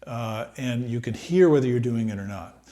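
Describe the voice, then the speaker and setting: A middle-aged man giving a relaxed trumpet lesson, thinking aloud with many pauses and fillers. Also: medium pitch. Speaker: trumpet teacher. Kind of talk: relaxed practice-room lesson.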